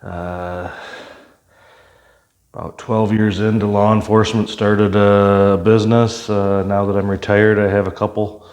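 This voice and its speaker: An older man with a very low voice, a retired police officer, tells his story in a casual podcast interview. He speaks unhurriedly and reflectively, with frequent pauses and "uh"s. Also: level tone, darkish tone. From Michigan, US.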